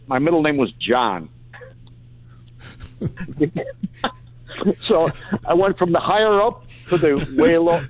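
A man's voice: on the high side, highs cut off. A man in his sixties from the Midwest, calling in to a radio show and telling stories in a chuckling, folksy way. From Midwest United States. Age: 60s. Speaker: caller. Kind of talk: casual phone-in chat.

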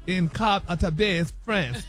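A man's voice: high voice, slow pace, over loud music. A man presenting the celebrity gossip segment on a morning show, flamboyant and sassy, calling everyone honey and baby. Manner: flamboyant, sprinkles "honey" and "baby", laughs at own jokes.

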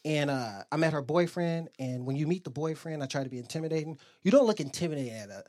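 A man's voice: a little high, animated, fast, a little mellow. A man doing a stand-up comedy set, telling casual confessional stories about being a stepdad.

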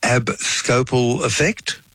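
A man's voice: mid-range voice, slow pace, a bit bright, no room sound, low-quality recording. A man explaining a medical topic in conversation, telling a case story with frequent "you know" asides. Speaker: guest explaining science.

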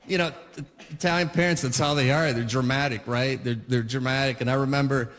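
A man's voice: medium pitch, steady tone, fairly quick, a bit bright. A male comedian telling a stand-up story in a chatty way, tagging his lines with "right?". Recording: long hall reverb.

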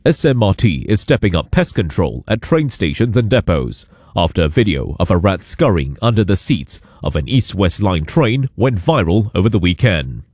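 A man reading a radio news bulletin in a measured, formal way. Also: sits low, sing-song, darkish tone, no echo. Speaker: newsreader.

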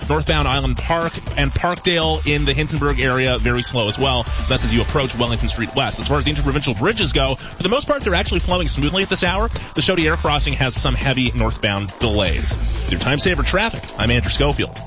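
Brisk male traffic reporter on radio. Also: medium pitch, music in the background. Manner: brisk, steady report delivery. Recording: dull lo-fi radio broadcast.

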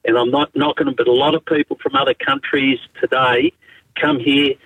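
Blunt Australian caller on a tinny phone. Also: male voice, medium pitch, flat delivery, fairly quick, husky, no room sound. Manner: blunt, matey, opinionated. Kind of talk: talkback call.

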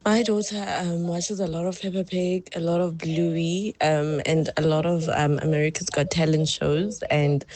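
A woman's voice: fairly low pitch, fairly even intonation, moderate pace, few pauses, a little mellow. A mother calling in to a radio show, amused as she talks about her daughter.

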